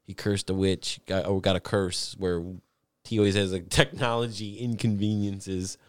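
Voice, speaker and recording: A man's voice: low voice, normal speed, clear, resonant tone, no echo. A man in casual chat, telling a story animatedly, swearing often and acting out the people in it. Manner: animated storyteller, swears a lot, acts out voices.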